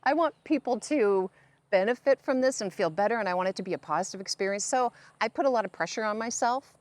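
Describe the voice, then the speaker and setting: A woman's voice: mid-range voice, quick pace, dry recording. A middle-aged woman in an easy conversational interview, telling stories and slipping into the voices of the people she quotes. Her voice sits in a middle range, and it is recorded close on a dry, dead-sounding mic. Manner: chatty storytelling, acts out quoted voices. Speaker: psychic medium guest.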